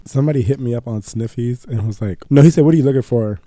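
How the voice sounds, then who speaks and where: A man co-hosting a casual podcast chat, blunt and profane with a deadpan edge. His voice is dark and mellow, and it sits close and dry on the mic. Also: mid-range voice, fast, dry recording. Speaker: podcast co-host.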